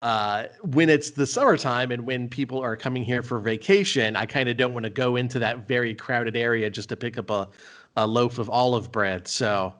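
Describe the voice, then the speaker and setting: A man hosting a podcast, talking in a relaxed, self-deprecating way. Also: mid-range voice. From United States. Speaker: podcast host. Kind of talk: casual chat.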